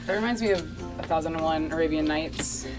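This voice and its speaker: Giggly woman host over loud guitar. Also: sits low, fast, rough recording. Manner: chatty, giggly. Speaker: host of a children's book video channel. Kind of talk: casual chat. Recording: loud guitar music underneath.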